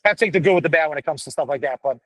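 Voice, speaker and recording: A gruff middle-aged man speaking as a firefighter guest in a casual chat, blunt and profane, telling stories with energy. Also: on the high side, very fast, dry recording, poor audio. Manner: blunt, profane, animated storytelling. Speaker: podcast guest, firefighter paramedic.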